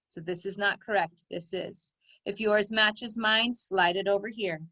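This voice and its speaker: Slow, bright-voiced woman teaching phonics. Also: mid-range voice, steady tone, no echo. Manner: patient, encouraging, stretches out sounds. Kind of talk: slow, clear teaching dictation.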